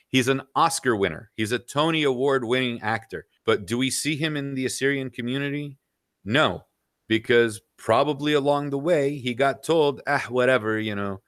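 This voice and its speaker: A man's voice: mid-range voice, a bit bright, dry recording, clean studio sound. A man in his forties, a guest on a podcast, giving opinionated views in casual talk and leaning on "you know" as he lists examples.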